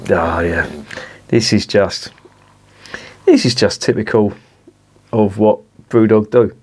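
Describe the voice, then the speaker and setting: A man's voice: on the low side, takes it slowly, breathy edge. A man reviewing a beer in a casual vlog, blunt and grumbling, swearing freely.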